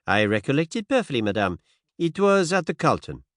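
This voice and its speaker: A male narrator voicing a fastidious older Belgian detective who speaks courteously and drops French words. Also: fairly high pitch, very animated, a bit bright, no room sound, clean studio sound, pitched above the performer's own voice. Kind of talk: audiobook character voice.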